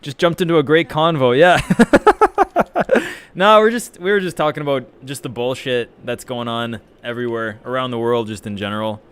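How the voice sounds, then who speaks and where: A man's voice: mid-range voice, moderate pace, a bit bright, smooth. A man streaming a video game, chatting casually with viewers, rambling and swearing as he answers their messages. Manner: rambling, profane, reads and answers chat. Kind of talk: casual live-stream chat while gaming.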